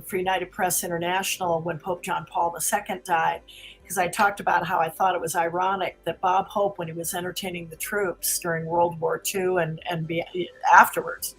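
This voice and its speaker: A woman's voice: on the low side, slightly rough, poor audio. A woman comedy teacher chatting as a guest, rambling and restarting as she tells stories. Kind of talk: casual interview chat.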